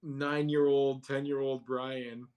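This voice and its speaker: A man's voice: takes it slowly, clear, resonant tone. A man co-hosting a casual movie podcast with friends, acting out quotes with big jumps in his voice. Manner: animated, acts out quotes with jumps in pitch. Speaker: podcast co-host.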